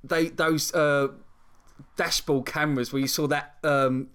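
A man from Britain chatting on a podcast, his voice sitting a little high for a man. He rambles through a plot retelling and teases his co-host. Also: steady tone, unhurried, fairly bright tone, clear, resonant tone. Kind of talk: casual chat, recapping a TV show.

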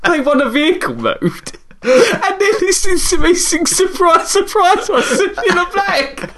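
A man's voice: very high-pitched, sing-song, a little slow, a bit bright. A man in casual chat, swearing and laughing as he tells stories. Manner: laughing, storytelling, swears freely.

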